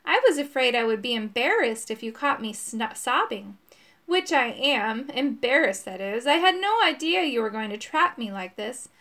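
A woman voicing a sad, embarrassed man who had been a werewolf, speaking softly. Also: fairly high pitch, lively intonation, normal speed. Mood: hurt. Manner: soft and sad.

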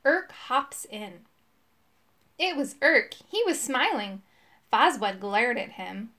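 Lady reading a kids storybook aloud, steady, voice kinda high. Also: takes it slowly. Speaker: narrator.

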